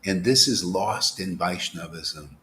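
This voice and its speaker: A man giving an informal, animated devotional talk as a spiritual teacher, dropping to whispers and rising to exclamations. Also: sits low, slow pace, slight background noise. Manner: animated preaching, swings from whispers to loud exclamations.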